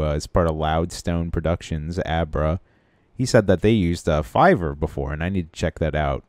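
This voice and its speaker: A man's voice: low-pitched, a little mellow, clean tone, no room sound, clean studio sound. A man co-hosting a podcast, chatting casually and easygoing, often trailing off and restarting his sentences. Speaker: podcast co-host. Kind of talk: casual chat.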